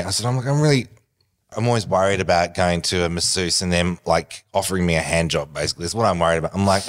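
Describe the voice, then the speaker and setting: A man with a lowish voice spins an animated anecdote. He laughs often and acts out the people in his story. He sounds middle-aged and relaxed in casual talk. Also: brisk. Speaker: guest.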